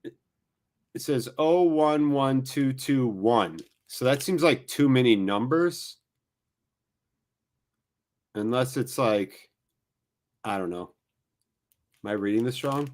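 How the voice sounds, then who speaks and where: A man's voice: mid-range voice, slow, long pauses. A man hosting a live watchalong, giving casual, jokey play-by-play with rambling asides. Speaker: watchalong host. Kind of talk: casual live match commentary.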